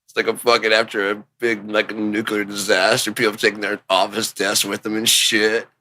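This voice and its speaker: Rambling, joking man with a bright voice. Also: on the low side, level tone, moderate pace, slight background noise. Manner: jokey, rambling, swears freely, laughs at his own bits; drops to a quiet mumble while thinking aloud. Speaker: channel host. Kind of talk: rambling comic monologue.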